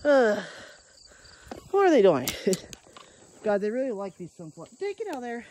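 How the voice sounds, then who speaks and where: A woman's voice: fairly high pitch, big pitch swings, unhurried, warm tone, slight background noise. A woman vlogging casually outdoors in the countryside, rambling chattily and talking to her dog as she walks. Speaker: daily vlogger. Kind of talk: casual vlog chat.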